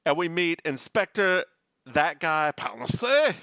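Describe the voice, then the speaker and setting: A man with a Southern American accent, co-hosting a podcast in a casual, animated chat that recaps a TV episode and drifts into joke accents. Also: fairly high pitch, moderate pace, no room sound, studio quality. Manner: animated, slips into a mock French accent. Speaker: podcast co-host.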